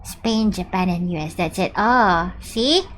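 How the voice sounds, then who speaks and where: A woman's voice: on the low side, unhurried, a little hiss or hum. A young woman, chatting casually through a live game stream and reading the on-screen text aloud. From Philippines. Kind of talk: live gameplay commentary.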